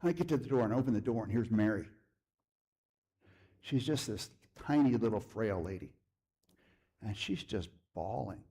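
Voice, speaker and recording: A middle-aged man, preaching as a guest speaker and telling a personal story that swings from lively to hushed. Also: lowish voice, normal speed, pauses often, breathy edge. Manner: storytelling with lively shifts, drops to a hush. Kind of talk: sermon testimony. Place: church.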